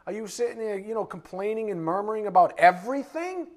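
A man preaching a sermon, firing blunt rhetorical questions and swinging between loud emphasis and quiet asides. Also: high voice, expressive, quick pace.

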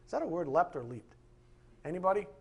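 A man's voice: high-pitched, big pitch swings, fairly quick, vocal fry, a little mellow, husky. A man pastor preaching a sermon with emphatic, impassioned delivery, acting out quoted voices along the way.

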